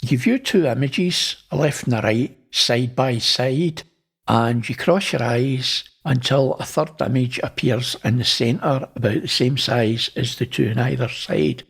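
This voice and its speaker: A man's voice: mid-range voice, measured pace, vocal fry, breathy edge. A man hosting, casually talking through images and pointing things out. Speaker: host. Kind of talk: casual narration over images.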